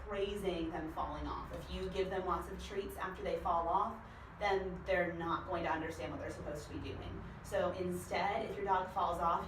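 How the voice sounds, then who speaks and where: A young woman casually teaching dog training with her own dog, talking in an easy, chatty way with frequent ums. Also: fairly low pitch. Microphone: far camera mic. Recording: roomy, distant, noisy home video.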